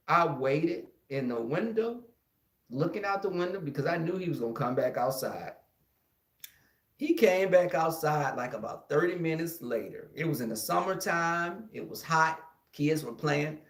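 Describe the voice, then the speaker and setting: Animated Texan man telling a story. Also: fairly high pitch. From Houston, Texas. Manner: animated, addresses listeners as y'all, acts out the scenes. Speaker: podcast host. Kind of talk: casual storytelling. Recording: echoey room.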